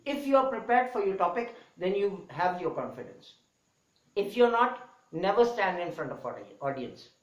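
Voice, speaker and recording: A man with a Pakistani English accent teaching a spoken English lesson, raising and dropping his voice for emphasis. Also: high-pitched. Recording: echoey room, dull lo-fi sound.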